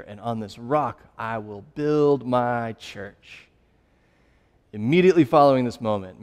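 A man's voice: mid-range voice, a little mellow, big-room sound. A young adult man preaching a sermon as pastor, conversational and laughing often as he tells stories.

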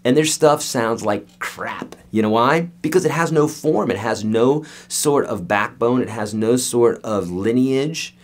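A man giving a casual guitar lesson, chatty and joking, with animated asides. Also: medium pitch, unhurried, few pauses. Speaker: guitar teacher.

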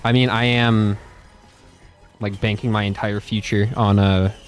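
A man's voice: lowish voice, little pitch movement, unhurried, soft background music. A young man doing casual gameplay commentary, chatting to viewers with frequent swearing and laughter. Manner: profane, laughing, loose chatter. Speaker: YouTuber playing a game and talking to chat.

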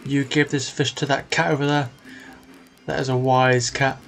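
A man's voice: medium pitch, level tone, moderate pace, creaky, a bit bright, faint music behind. A man voicing a pushy, indignant trickster in an elephant suit in a video game, bossy and guilt-tripping.

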